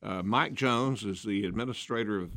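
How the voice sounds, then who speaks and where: A man's voice: on the low side, normal speed, a bit bright. Older man, folksy storyteller on a radio garden show. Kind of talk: radio chat.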